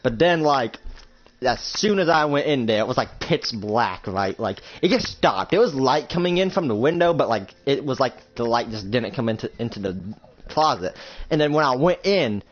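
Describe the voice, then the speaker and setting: A man narrating an improvised roleplay in a rambling, filler-heavy way. His pitch sits in the middle. The recording is dull and lo-fi. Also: lively intonation, moderate pace. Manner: rambling, many fillers and restarts.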